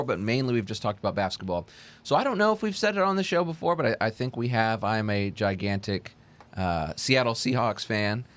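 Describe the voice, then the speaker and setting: Laid-back young man hosting a podcast. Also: mid-range voice. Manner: relaxed, swears freely, many fillers. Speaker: podcast host. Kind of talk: casual sports chat.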